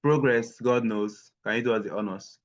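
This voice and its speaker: A man teaching an online language lesson on a video call, patiently repeating words slowly for his learners. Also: medium pitch. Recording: dull lo-fi call audio.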